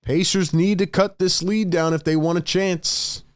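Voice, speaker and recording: Young man, live stream host, play-by-play calls, reads the chat, smooth clear voice, dry close mic. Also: high-pitched, steady tone, no room sound. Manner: reads chat aloud, rapid play calls, rises on big plays. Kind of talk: casual live play-by-play commentary.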